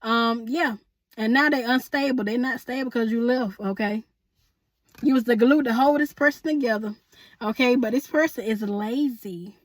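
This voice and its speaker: Sassy high-voiced woman tarot reader. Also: normal speed, no echo. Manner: sassy, chatty, calls viewers honey and boo; laughs often, asks spirit aloud. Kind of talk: casual tarot reading to viewers.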